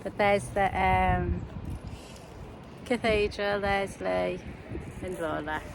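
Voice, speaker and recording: A young woman vlogs outdoors, chatty and quick to laugh. She talks into a phone held at arm's length. Clear street and traffic noise runs behind her. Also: medium pitch, fairly even intonation. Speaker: vlogger. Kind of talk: casual vlog chat. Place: outdoors in a town.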